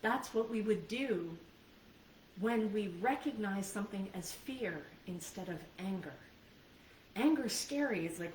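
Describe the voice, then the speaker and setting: A woman's voice: mid-range voice, expressive, measured pace, darkish tone. Roomy-sounding woman coach giving a training. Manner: earnest, conversational, checks in with listeners. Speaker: life and business coach. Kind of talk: live video training talk. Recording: roomy sound from a distant mic, faint background noise.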